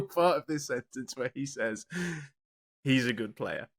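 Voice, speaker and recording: A man with a mid-pitched voice hosting a podcast. He leads the talk with a dry, wry touch. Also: normal speed. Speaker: podcast host. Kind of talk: casual chat.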